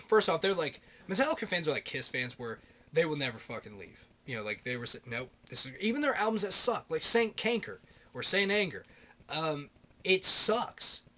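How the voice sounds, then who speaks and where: A man in his thirties rambling excitedly in a casual video blog, swearing constantly and piling up fillers. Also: on the high side. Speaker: video blogger.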